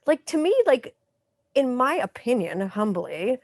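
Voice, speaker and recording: Animated, swearing woman podcast host. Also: fairly high pitch, a little slow, no room sound. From Canada. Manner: animated, swears freely, filler-heavy. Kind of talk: casual chat.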